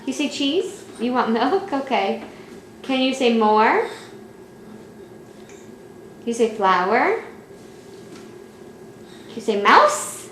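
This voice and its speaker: A woman's voice: fairly high pitch, sing-song, slow, pauses often, fairly bright tone. A woman patiently coaxing her toddler to say words at home, asking the same short questions again and again in a sing-song way. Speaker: parent filming her toddler. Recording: echoey room with faint background hiss.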